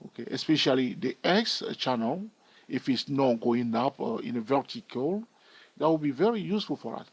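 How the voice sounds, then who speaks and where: Husky man teaching chart analysis. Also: mid-range voice, no echo. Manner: chatty, thinks aloud, asks viewers rhetorical questions. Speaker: trading educator. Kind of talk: screen-recorded chart tutorial.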